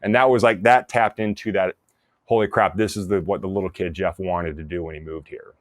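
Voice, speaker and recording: A man with a fairly low voice tells stories in a relaxed podcast chat. He talks with animated energy, laughing often and restarting his sentences. The sound is dry and close. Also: a little fast, no room sound. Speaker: actor and former soldier, podcast guest. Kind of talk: casual storytelling interview.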